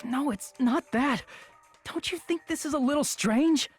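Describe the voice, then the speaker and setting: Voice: high voice, measured pace, soft background music. A voice actor playing a young man who questions and confronts someone, in a game. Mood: accusing.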